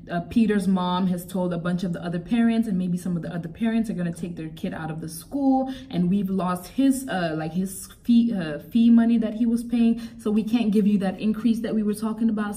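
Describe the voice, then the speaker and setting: A young woman recounts a past job to her viewers, animated and exasperated as she acts out what others said. Her voice sits at a middle pitch. The mic is a little far from her. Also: moderate pace. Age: young adult. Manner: animated, exasperated, laughs often, acts out quotes. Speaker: vlogger. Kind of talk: casual storytelling.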